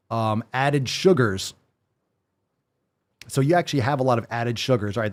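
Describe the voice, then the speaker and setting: A man's voice: mid-range voice, a little mellow. Blunt, profane male podcast host. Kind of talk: casual ranting commentary.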